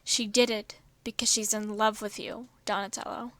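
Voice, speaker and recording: A woman voicing a calm, fatherly old male rat sensei, speaking gently and in a measured way in a fan story reading. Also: medium pitch, dry recording, natural voice.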